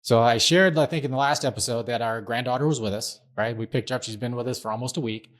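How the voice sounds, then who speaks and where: A man's voice: mid-range voice, fast talker. A middle-aged man hosting a podcast, talking in a chatty, self-deprecating way. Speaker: podcast host. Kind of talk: casual podcast chat.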